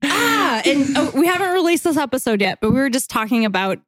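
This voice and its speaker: A woman's voice: high-pitched, big pitch swings, fast, dry recording, studio quality. A woman co-hosting a podcast in casual chat, giggly and self-deprecating, rambling a little as she talks. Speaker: podcast co-host.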